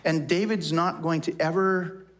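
A man's voice: on the high side, steady tone, measured pace. Conversational man preaching a sermon. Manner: conversational, asks the congregation questions. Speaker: pastor.

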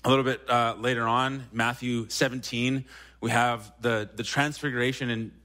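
Conversational young pastor preaching casually. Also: male voice, medium pitch, moderate pace. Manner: conversational, frequent "right?" asides, animated when quoting Peter. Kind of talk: sermon. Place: church.

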